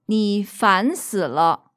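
A woman's voice: mid-range voice, lively intonation, very slow, fairly bright tone. A woman teaching on a language lesson podcast, patiently explaining and giving example sentences, recorded in a studio. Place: studio in Beijing.

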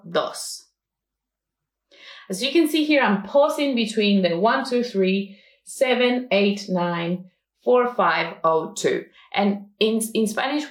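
A woman teaching a Spanish lesson, speaking patiently and saying words slowly for the listener to repeat. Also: mid-range voice, reverberant. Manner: slow, patient, models words for repetition. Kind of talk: language lesson.

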